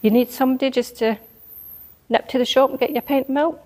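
Woman preacher, fairly high voice, lively emphatic storytelling sermon. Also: fairly quick. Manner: animated storytelling, rising to emphatic exhortation.

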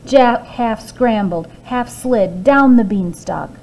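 Librarian lady reading a kids fairy tale, slow and expressive, soft hushed asides. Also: on the high side, low-quality recording. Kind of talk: children's storybook reading.

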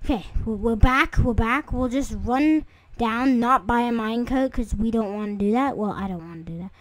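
A woman's voice: fairly high pitch, normal speed, dry recording. A young woman chatting through a game as she plays it, talking to her viewers and jumping into startled squeals. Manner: chatty, jumpy, easily startled, with sudden squeals. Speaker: gaming video creator. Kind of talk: casual let's-play commentary.

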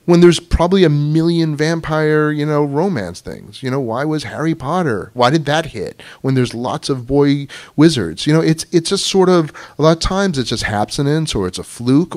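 A man's voice: on the high side, darkish tone. A man as guest speaker at a writers club, telling anecdotes in a casual, chatty way full of "you know". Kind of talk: casual storytelling talk to an audience. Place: club meeting room.

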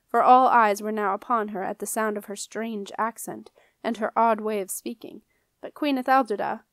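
A woman narrating a children's fantasy audiobook in a measured, expressive storytelling manner. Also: medium pitch, dry recording. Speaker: audiobook reader.

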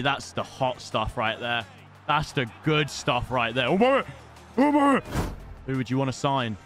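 A young British man commentating live on his own gameplay, excitable and casual, swearing freely and shouting at big moments. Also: mid-range voice. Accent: British English. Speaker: gaming streamer.

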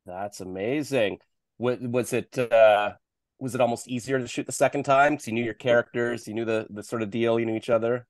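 A man's voice: mid-range voice, fairly even intonation, brisk, dry recording. A man hosting a casual, joking interview with a film cast over a video call. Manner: joking, playful banter.

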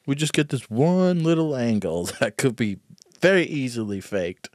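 A man co-hosts a casual podcast and reacts to news footage with loud, sarcastic disbelief. His voice is mid-pitched, and the close mic leaves the sound dry with no room around it. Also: lively intonation, moderate pace, no room sound. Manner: sarcastic, incredulous, laughs often. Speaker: podcast co-host.

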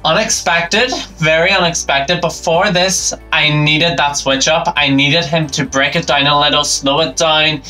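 A man's voice: fairly high pitch, fairly even intonation, unhurried, hardly any pauses, poor audio. Enthusiastic man reacting over music. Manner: upbeat, enthusiastic commentary. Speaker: reaction channel host. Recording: concert music playing loud behind.

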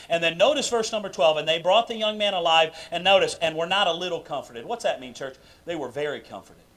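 A man preaching a sermon in a church sanctuary, emphatic and full of questions to the congregation, swinging between loud bursts and quiet asides. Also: on the high side. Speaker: pastor. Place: church sanctuary during a live service.

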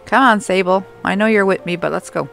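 A woman's voice: mid-range voice, brisk, gravelly, fairly bright tone. Chatty woman talking over game music. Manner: chatty, talks to game characters, laughs often. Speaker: gameplay streamer. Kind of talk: casual gameplay commentary. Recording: faint background music.

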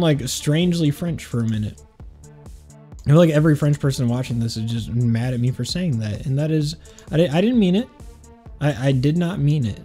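Jokey gamer man, mellow voice. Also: medium pitch. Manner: rambling, jokey, keeps saying "hold on". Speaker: gaming channel host. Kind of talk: casual gameplay commentary.

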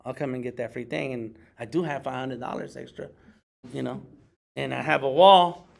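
A man's voice: normal speed, vocal fry. A middle-aged man, a working artist, giving a casual workshop talk and acting out other people in jokey voices. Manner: conversational, acts out others in high jokey voices.

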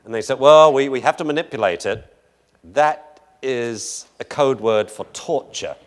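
A man's voice: mid-range voice, moderate pace. A man teaching a class on dog behavior, telling rambling stories and joking with the room. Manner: jokey, rambling storyteller, laughs often. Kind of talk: lecture with anecdotes.

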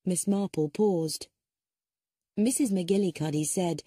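A woman narrating a mystery audiobook with a clear, expressive reading. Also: on the low side, a little slow, dry recording, clean studio sound. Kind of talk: scripted story narration.

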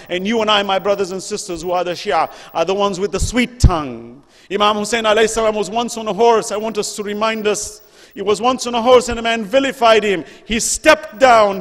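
High-voiced man preaching in a hall. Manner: rises to loud questions, then drops to hushed near-whisper. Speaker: lecturer. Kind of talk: emotional religious lecture.

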